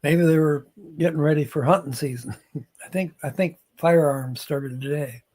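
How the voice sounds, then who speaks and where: A man hosting a live stream, chatting casually with viewers in a slow, rambling way and chuckling between lines. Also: fairly high pitch, a little mellow.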